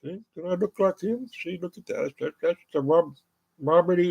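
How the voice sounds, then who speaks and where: An older man from the United States rambles on his own show, stacking up fillers and false starts as he goes. His voice is gravelly and husky, with a pitch that swings up and down a lot. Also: animated, moderate pace, darkish tone. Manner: rambling, full of "you know" fillers and restarts. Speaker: show host. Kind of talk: rambling monologue.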